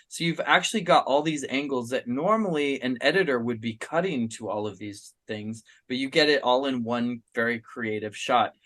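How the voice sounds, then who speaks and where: A man's voice: mid-range voice, fairly bright tone. A man, a film director guesting on a podcast, talking enthusiastically about camera angles and editing. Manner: enthusiastic, technical about shots. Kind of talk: casual film discussion.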